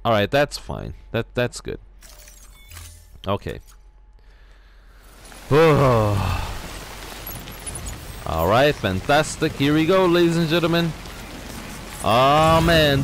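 A young man hosting a let's play, excitedly exclaiming and talking to his viewers from his garage. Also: mid-range voice, slight background noise. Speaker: gaming channel host. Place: home garage.

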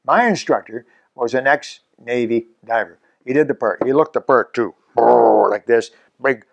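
A man's voice: medium pitch, moderate pace, vocal fry. A man in his seventies from Canada, a scuba instructor hosting his own channel, talking casually to the camera in a chatty, self-mocking way with chuckles between points. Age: 70s.

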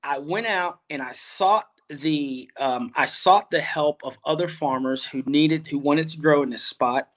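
A middle-aged man talks over a video call, his voice sitting a little high for a man. He rambles through a long story with plenty of ums and restarts. He turns animated whenever he quotes someone else. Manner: rambling, with many fillers and restarts, animated when quoting others. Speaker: guest farmer. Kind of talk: conversational storytelling.

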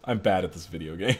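A man's voice: fairly low pitch, breathy edge. A young man casually commentating his own gameplay, frustrated and muttering at himself about his mistakes. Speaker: gaming channel host. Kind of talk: casual let's play commentary.

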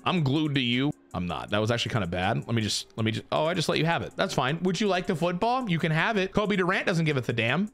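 Young guy yelling through a football game, high bright voice jumping all over, swears a ton. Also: fast, faint music behind. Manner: excitable, self-mocking, swears a lot. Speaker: gaming YouTuber. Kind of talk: casual gameplay commentary.

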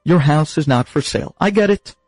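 A man's voice: a little high, expressive, a little fast, creaky, a little mellow, husky, no room sound, soft background music, exaggerated voice. A man voicing a stubborn, wealthy miser who haggles insistently and repeats himself. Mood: coaxing.

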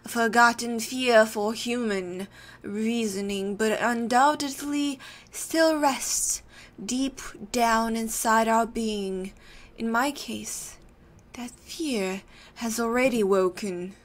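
A woman puts on a troubled gentleman's voice in an odd, put-on accent. The reading is slow and fairly high-pitched, grave and uneasy, like a player voicing a character in a spooky game. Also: fairly even intonation. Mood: haunted, solemn. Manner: reads aloud in a put-on weird accent. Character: tormented gentleman haunted by a dark vision. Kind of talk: let's play dialogue reading.

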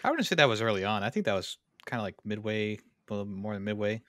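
A man with a bright, forceful tone talks through a film in a loose, rambling way, circling back to restate each point. His voice sits dry and close on the mic, with no room sound around it. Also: fairly low pitch, animated, fast talker, no echo. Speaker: podcast co-host. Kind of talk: casual movie-discussion chat.

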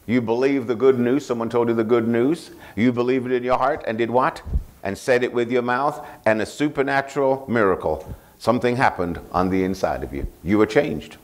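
Man preaching call-and-response sermon. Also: medium pitch. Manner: call-and-response, asking the congregation to finish his lines; repeats scripture references slowly and emphatically. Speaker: pastor.

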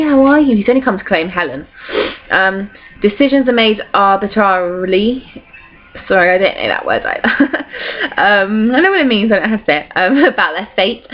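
Chatty teen girl revising, lo-fi. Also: mid-range voice. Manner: chatty, filler-heavy, acts out quotes in playful voices. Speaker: student revising for exams. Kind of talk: casual revision talk to camera.

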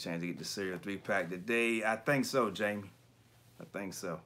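A man's voice: sits low, normal speed. Slangy, profane man hosting a chat. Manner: profane, slangy, animated storytelling. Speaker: YouTube collector channel host. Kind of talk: casual livestream chat.

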